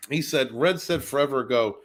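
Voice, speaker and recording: A man's voice: medium pitch, brisk, fairly bright tone. A man hosting a casual livestream podcast, chatting nonstop, rambling and greeting viewers in the chat by name.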